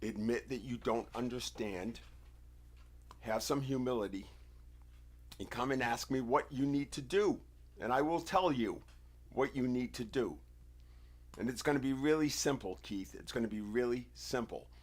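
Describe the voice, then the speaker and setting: A man's voice: medium pitch, normal speed, long pauses. Insistent, lecturing man on a livestream. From United States. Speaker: livestream host. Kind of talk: livestream monologue.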